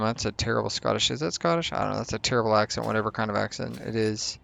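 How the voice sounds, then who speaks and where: A man's voice: on the low side, quick pace, gravelly, few pauses, fairly bright tone. A man hosting a let's play, giving casual commentary over his gameplay. He is chatty, thinks aloud and makes self-mocking asides.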